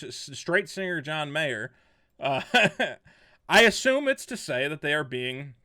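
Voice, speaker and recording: A man's voice: medium pitch, bright, forceful tone. A man hosting a casual online commentary, sarcastic and mocking, often rambling and restarting his sentences. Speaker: commentary host.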